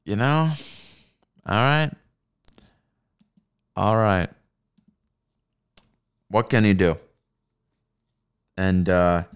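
A man's voice: medium pitch, clean tone. A man hosting a solo comedy podcast, ranting in a rambling, profane and mocking way. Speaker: podcast host.

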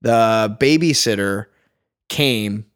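A man's voice: on the low side, takes it slowly, smooth. A man co-hosting a casual podcast, a wedding photographer telling stories animatedly and peppering his talk with "like". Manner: animated storytelling, frequent "like".

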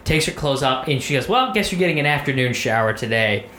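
A man's voice: mid-range voice, animated, fast, sharp tone. A man co-hosting a podcast, telling a long story in a casual, rambling, profane way, full of fillers. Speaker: podcast co-host. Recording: echoey room with faint noise.

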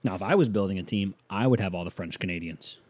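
Joking man with a mellow voice. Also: fast talker, dry recording. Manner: loose, joking, animated with sudden pitch jumps. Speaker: podcast host. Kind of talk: casual solo podcast chat.

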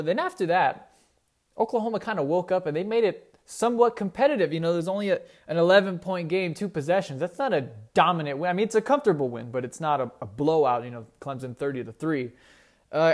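Young male sports host, slightly higher voice, loose and rambling, keeps restarting his sentences. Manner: rambling, self-correcting, conversational. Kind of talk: casual solo sports talk.

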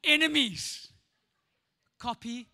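A man with a South African accent preaching a lively, playful sermon as a pastor, acting out voices and often laughing. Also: very high voice, takes it slowly, creaky. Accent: South African English. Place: church auditorium. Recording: echoey church hall.

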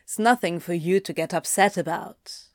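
A woman's voice: on the low side, moderate pace, no room sound, studio quality, close to an everyday voice. A woman doing a sly, teasing male demon. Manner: sly, playful, coarse-mouthed. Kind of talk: audiobook reading of fan fiction.

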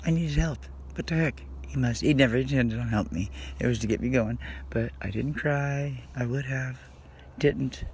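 Man, podcast host, mid-pitched voice, rambling, scattered, confessional, casual monologue, faint background noise. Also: moderate pace, a little mellow. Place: friend's house in the country.

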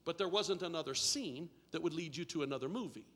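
A high-voiced male pastor preaching with a bright, forceful edge and a wildly swinging pitch. He drives his points home with shouted repeated phrases and calls for the congregation to answer back. His voice rings through the long reverb of a big sanctuary. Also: animated, quick pace, breathy edge. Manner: preaching with rising shouted repetition and congregation call-and-response. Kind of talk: sermon. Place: church sanctuary. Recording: long reverb of a large hall.

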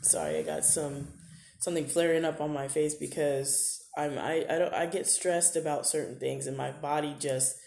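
Female podcast host, low warm voice, roomy echo, earnest and fired up. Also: fairly even intonation, moderate pace, gravelly. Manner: impassioned, rising into rhetorical questions. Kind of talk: live podcast monologue. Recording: echoey room.

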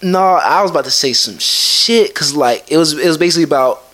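A man's voice: on the high side, animated, a little fast, a bit bright, dry recording. A man co-hosting a casual podcast chat, giving a profane, fired-up motivational speech full of restarts. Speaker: podcast co-host.

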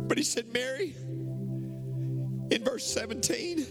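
A man's voice: sits high, sing-song, takes it slowly, pauses often, big-room sound, over loud music. A man preaching a sermon, acting out scripture dialogue with rising fervor. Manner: dramatic, acts out scripture dialogue, rising to fervent climax.

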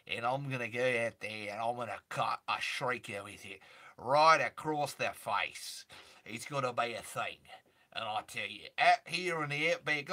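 A man putting on a boastful outback tough guy, with a gruff drawl. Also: mid-range voice, pushed and bright, voice pushed down.

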